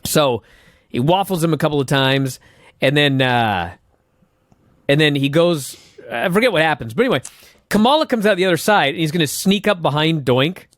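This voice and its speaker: A man talks casually on a podcast, retelling a scene with animated energy and the occasional swear word. His voice sits high and swoops up and down a lot. The sound is close and dry, with no room around it. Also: normal speed, no room sound. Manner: animated storyteller, swears, laughs. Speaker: podcast co-host. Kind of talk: casual chat recapping wrestling.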